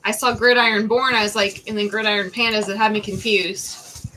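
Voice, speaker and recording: A woman's voice: medium pitch, level tone, a little fast, bright, forceful tone, a little hiss or hum, rough recording. A woman co-hosting a fantasy football draft on a live stream, chatting playfully and teasing the others. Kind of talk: casual live-stream chat.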